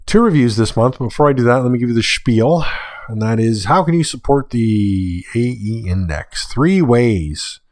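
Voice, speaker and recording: A man hosting a solo podcast, working through a long list of prices and adding dry asides as he goes. He sounds tired, as if recording late at night. His voice sits at an ordinary pitch and is recorded close and dry, with no room sound. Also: lively intonation, normal speed, no echo. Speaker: podcast host.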